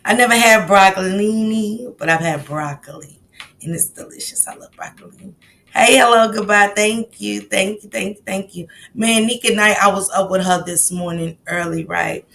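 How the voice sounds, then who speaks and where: Gravelly-voiced woman hosting a casual livestream. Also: mid-range voice, fairly even intonation, moderate pace, few pauses, fairly bright tone, slight background noise. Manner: chatty, greets viewers one by one by name. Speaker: livestream host.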